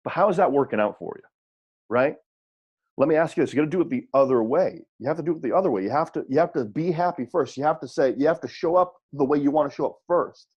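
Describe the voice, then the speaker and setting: Husky-voiced man coaching in a seminar. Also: on the high side, animated, fast talker, muffled recording. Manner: checks in with rhetorical questions; repeats points for emphasis. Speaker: wrestling coach. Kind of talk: audio seminar talk.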